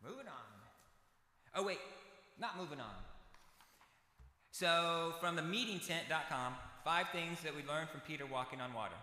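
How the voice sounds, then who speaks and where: A man's voice: a little high, expressive, moderate pace, long pauses, bright, forceful tone. A man preaching a sermon in a conversational, self-deprecating way, putting questions to his congregation. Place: church sanctuary. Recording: echoey church hall.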